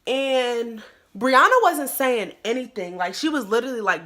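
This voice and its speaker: A young woman vlogger telling a story in casual, slangy chat, animated and acting out her own quotes. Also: on the high side, moderate pace. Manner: animated, acts out quotes in a louder voice; slangy, lots of "like" and "bro". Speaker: YouTuber.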